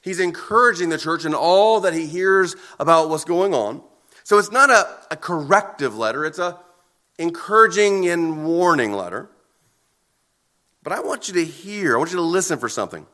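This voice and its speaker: High, forceful preacher man. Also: animated. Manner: earnest, emphatic preaching with deliberate pauses. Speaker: pastor. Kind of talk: sermon.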